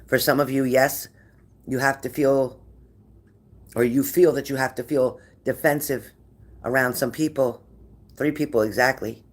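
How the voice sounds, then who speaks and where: A man's voice: mid-range voice, fairly even intonation, a little slow, long pauses. Man giving an encouraging tarot reading. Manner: encouraging, repetitive phrasing. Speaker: tarot reader.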